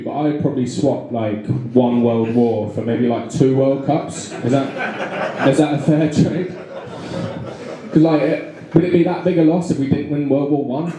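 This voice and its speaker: A young English man doing live stand-up comedy in a pub venue, with a halting, rambling delivery full of fillers and restarts. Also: medium pitch, mellow. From England. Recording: very echoey live room.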